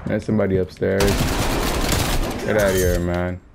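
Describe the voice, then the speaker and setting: A man giving casual, excitable commentary over his own shooter gameplay, trash-talking opponents and calling out to his viewers. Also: low voice, moderate pace. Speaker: gaming streamer. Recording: game gunfire noise behind voice. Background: clear gunfire and game sounds.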